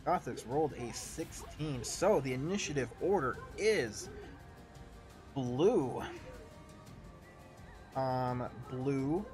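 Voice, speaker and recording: A man running a live-streamed tabletop game as game master, often pausing with fillers and apologizing. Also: mid-range voice, lively intonation, a little mellow, faint music behind. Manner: hesitant, many fillers, apologetic.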